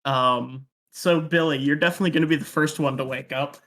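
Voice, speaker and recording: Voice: medium pitch, steady tone, brisk, a bit bright. A game master narrating a tabletop game in a rambling, self-correcting way.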